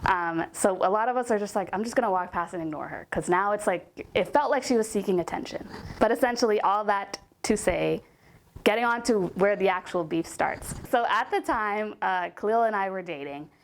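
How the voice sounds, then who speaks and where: A woman's voice: mid-range voice, moderate pace, a little hiss or hum. Chatty young woman telling a story. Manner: chatty, frequent "like" and "um" fillers. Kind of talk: casual storytime monologue.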